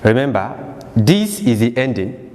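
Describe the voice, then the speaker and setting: A man's voice: mid-range voice, big pitch swings, measured pace, a little mellow. A man teaching French verb conjugation in English, explaining patiently and repeating each word again and again. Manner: repetitive, drills words again and again. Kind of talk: slow classroom explanation. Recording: long reverb with faint background noise.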